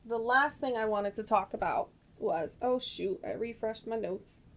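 A woman's voice: a little high, a little slow. A young woman co-hosting a podcast, talking in a loose, giggly way with a light New Jersey accent. She chats with her friend and slips into voices now and then. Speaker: podcast co-host. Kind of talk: casual chat.

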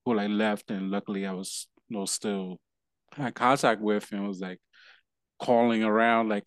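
Male podcast host, low voice, rambling and halting, dry close mic. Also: steady tone, no room sound. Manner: rambling, halting restarts, laughs while venting. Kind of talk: casual conversation.

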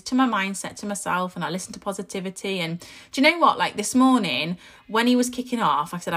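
A woman's voice: medium pitch, bright, forceful tone. A woman, hosting a casual podcast and telling candid stories that are often broken up by laughter. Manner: chatty, candid storytelling with frequent laughs. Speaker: podcast host.

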